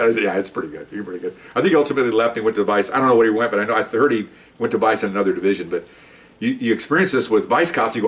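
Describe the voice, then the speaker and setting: A man's voice: on the low side, racing. Older ex-cop rambling thru a story, voicing the other guys as he goes. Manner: rambling, animated anecdotes, acts out other people's lines. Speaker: retired police detective telling stories. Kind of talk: casual storytelling to camera.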